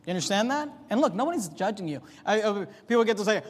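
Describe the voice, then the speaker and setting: Pastor mid-sermon: male, high voice, emphatic swings up and down, church-hall reverb. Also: very animated, fast, few pauses. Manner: emphatic, rising and dropping sharply for effect.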